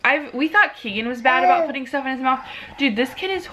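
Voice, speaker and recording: A young woman, a mom, chatting casually in a home video about her baby, sick at the moment, and sometimes cooing to him in a high sing-song voice. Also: lively intonation, fast talker, pushed and bright. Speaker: mom vlogger. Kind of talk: casual baby update vlog. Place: home living room. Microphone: camera on a tripod.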